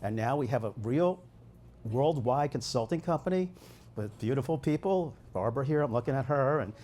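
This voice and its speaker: A man's voice: medium pitch, expressive, normal speed, warm tone. An older man giving a rambling, emotional thank-you speech after receiving an award. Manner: rambling, emotional, laughing often. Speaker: award recipient. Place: event venue.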